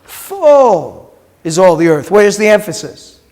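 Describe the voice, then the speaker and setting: With big swings in pitch, a high and darkish voice, and a slow pace, a middle-aged rabbi teaches Hebrew. He patiently repeats words aloud and questions his students throughout the lecture.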